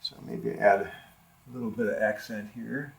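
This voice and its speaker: Low gravelly older man demonstrating painting. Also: steady tone, moderate pace. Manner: thinking aloud while painting, trailing off and restarting. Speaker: art instructor. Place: art studio with a live model.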